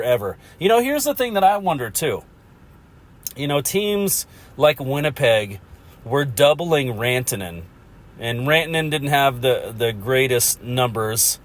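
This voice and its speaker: A man talks loosely through a solo podcast, rambling and chuckling at his own ideas. His voice sits a little high for a man, and his tone is self-mocking. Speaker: podcast host. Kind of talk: casual solo podcast monologue.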